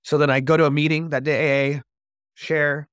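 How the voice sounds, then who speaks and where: Man, podcast guest, recovery story, animated, acts out quoted lines, dry close mic. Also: fairly high pitch, normal speed, clear, resonant tone, no room sound.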